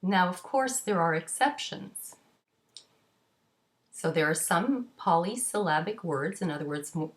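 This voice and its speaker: A woman gives a pronunciation lesson in a slightly low voice. She speaks very slowly and articulates every sound carefully, as if modelling it for learners. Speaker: French pronunciation teacher.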